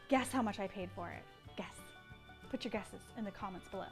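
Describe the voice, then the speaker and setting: A woman's voice: medium pitch, normal speed, over music. Gushing woman vlogger in a vintage shop. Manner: excitable and gushing, easily emotional. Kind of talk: casual chatty vlog. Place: small vintage shop indoors.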